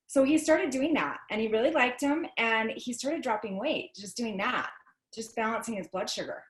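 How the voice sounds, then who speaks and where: A woman's voice: fairly high pitch, normal speed, echoey room. A woman telling her personal story on a video call, chatty and full of fillers and restarts.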